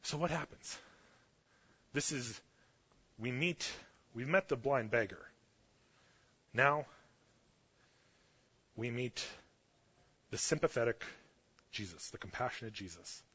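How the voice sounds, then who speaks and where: A young man preaching a casual storytelling sermon, chatty and animated, loudly acting out the quotes. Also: mid-range voice, slow pace, pauses often, breathy edge. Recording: muffled lo-fi sermon recording.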